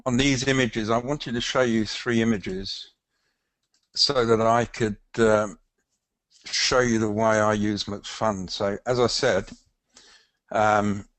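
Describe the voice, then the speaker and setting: An older man with a London accent, a professional photographer giving a casual, halting webinar demonstration with frequent fillers. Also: fairly low pitch, steady tone, fairly bright tone, no room sound.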